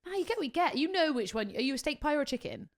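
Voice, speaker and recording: A woman co-hosting a podcast, telling animated stories and swearing freely in casual chat. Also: high voice, rapid-fire. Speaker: podcast co-host, wedding worker.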